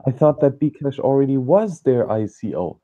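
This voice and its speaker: A man's voice: mid-range voice, very animated, moderate pace, narrow, tinny audio. A man hosting a live-streamed talk show, asking questions and trailing off at times. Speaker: host. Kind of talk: live-streamed casual discussion.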